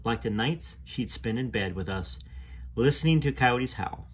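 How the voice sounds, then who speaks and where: A man reading a memoir aloud in an earnest, emotional way, pausing now and then to add his own comments. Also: mid-range voice, animated, a little hiss or hum. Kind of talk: reading aloud with spoken asides.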